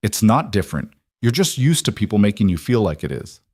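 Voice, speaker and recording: A man doing a steady single father, calm and protective, reassuring in a low voice. He speaks evenly, like a storybook figure, and the sound is close and dry. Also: fairly quick, no echo.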